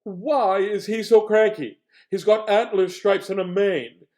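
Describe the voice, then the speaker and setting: A man voicing a boastful male lion in a storybook reading, speaking loudly and proudly. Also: high-pitched, a little slow, pitched above the performer's own voice. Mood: worried. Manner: loud and proud.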